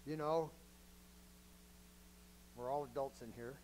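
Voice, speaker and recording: A man's voice: mid-range voice, fairly even intonation, takes it slowly, darkish tone, a little hiss or hum, rough recording. A man preaching a sermon as a pastor, in a conversational, joking way and often asking the congregation questions.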